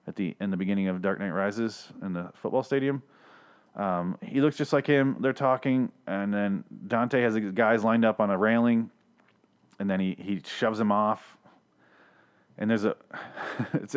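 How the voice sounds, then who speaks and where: A man hosting a casual TV episode recap, rambling, profane and opinionated as he talks. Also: mid-range voice. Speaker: podcast host.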